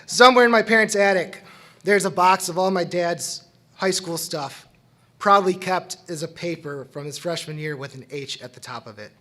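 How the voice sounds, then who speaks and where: A man's voice: high voice, moderate pace, fairly bright tone. Man giving a heartfelt award tribute. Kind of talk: prepared tribute speech.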